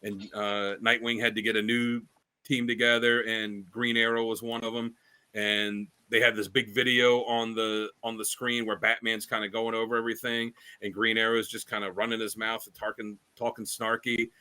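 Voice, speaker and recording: A man's voice: lowish voice, level tone, normal speed, pushed and bright, smooth. A man co-hosting a podcast, telling stories in a rambling casual chat with many fillers and restarts. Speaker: podcast co-host.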